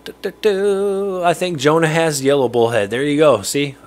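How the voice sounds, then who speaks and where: A man's voice: fairly high pitch, a little fast. A middle-aged man hosting a casual livestream from his home fishroom, rambling along as he answers viewer chat and chuckles now and then. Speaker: livestream host.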